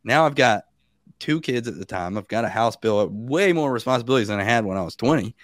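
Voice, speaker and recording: A man in his thirties, a guest on a podcast, telling stories in a casual and animated way, laughing and acting out what people said. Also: medium pitch, fairly quick, dry recording, studio quality.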